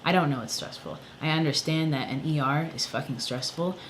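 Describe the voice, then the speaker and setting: A man's voice: a little high, fairly quick, noisy background. A man, a songwriter, ranting angrily in a casual vlog, swearing often and filling with "you know" and "like". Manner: angry, profane, many fillers. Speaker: songwriter vlogger.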